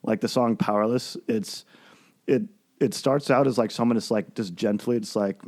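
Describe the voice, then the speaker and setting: A man co-hosting a podcast, chatting casually about music in a halting, rambling way with lots of fillers and restarts. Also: fairly low pitch, fairly even intonation, a little mellow. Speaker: podcast co-host.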